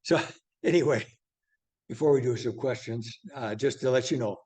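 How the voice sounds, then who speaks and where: An older man lecturing a church class, halting and rambling with many fillers and restarts. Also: medium pitch, darkish tone. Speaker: class teacher.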